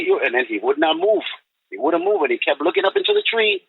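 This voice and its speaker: A man's voice: a little high, huge pitch swings, fast, vocal fry, husky, no room sound. A man in his seventies, a podcast guest, tells a personal story in a rambling way, full of "you know" and restarts. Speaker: guest recounting an encounter. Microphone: telephone. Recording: tinny dry phone line.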